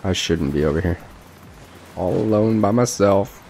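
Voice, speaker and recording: A man streaming a video game, talking through the action in casual commentary with excitable, self-mocking reactions. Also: deep voice, normal speed, a little hiss or hum. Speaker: gaming streamer.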